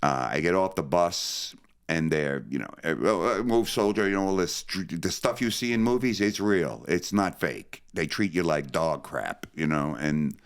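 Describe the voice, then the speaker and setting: A man's voice: very deep voice, moderate pace, clean tone. An older man from New Jersey telling his story as an interview guest, acting out the voices of the people in it. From New Jersey, USA. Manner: animated, acts out other people's voices. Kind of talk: storytelling in conversation.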